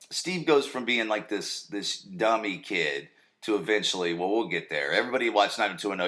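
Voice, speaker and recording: Male podcast host, lowish voice, casual rambling recap, lots of ums and restarts. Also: a bit bright. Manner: rambling, loose, with many fillers and restarts.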